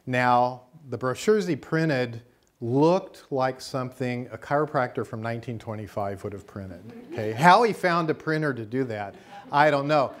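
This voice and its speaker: A man's voice: medium pitch, moderate pace. American man telling a story to a class. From United States. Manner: lively storyteller, acts out the voices in his anecdotes. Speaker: course teacher.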